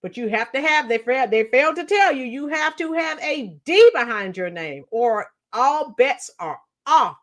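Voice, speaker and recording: Casually running a live stream, a woman calls out viewers' nicknames, reads out what they've written and laughs a lot. Her high, fairly bright voice is lively, at a moderate pace with hardly any pauses.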